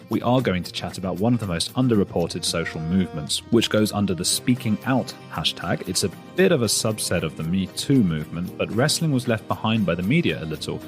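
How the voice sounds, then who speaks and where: A man hosting a podcast, giving a chatty, rambling solo introduction with self-deprecating asides. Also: deep voice. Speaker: podcast host.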